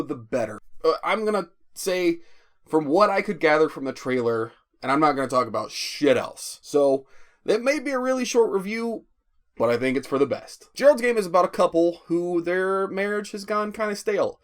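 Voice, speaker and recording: A man's voice: sits high, expressive, moderate pace. Casual, profane male movie reviewer. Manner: rambling, profane, stammering restarts. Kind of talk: casual spoken film review.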